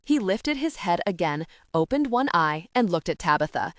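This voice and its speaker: Audiobook narrator, woman, steady storytelling, lower voice, dry close studio sound. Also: normal speed, few pauses, no room sound. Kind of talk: scripted narration.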